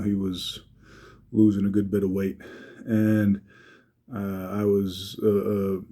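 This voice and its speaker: A man telling a heartfelt personal story, halting, with many fillers and restarts. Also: on the low side, dark tone.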